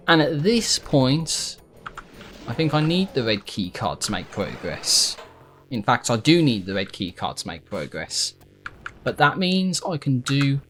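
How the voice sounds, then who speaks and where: Rambling man over game music. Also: on the low side. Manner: rambling, self-correcting, swearing in bursts of frustration. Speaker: gaming YouTuber. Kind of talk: casual gameplay commentary.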